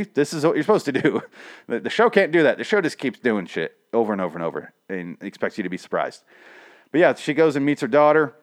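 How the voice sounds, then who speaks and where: Profane, ranting man recapping a comic. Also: mid-range voice.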